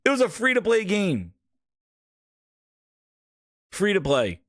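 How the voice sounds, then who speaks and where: A man's voice: high-pitched, huge pitch swings, slow, pauses often, no echo, studio quality. A man hosting a gaming podcast, ranting profanely and mocking, stumbling and repeating words when riled up. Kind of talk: ranting casual commentary.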